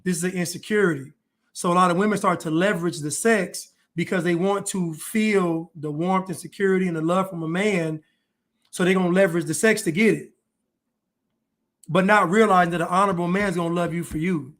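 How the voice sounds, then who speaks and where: Guy with a high-ish voice doing preachy reaction commentary. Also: fairly even intonation, fairly quick, a bit bright. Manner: preachy, lecturing.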